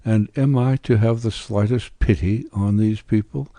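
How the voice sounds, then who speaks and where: A man's voice: lowish voice, fairly even intonation, measured pace, mellow, no echo, pitched above the performer's own voice. A man reading a bitter, scheming young upstart. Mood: defiant. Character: young ambitious scheming peasant-born man. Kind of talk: audiobook character reading.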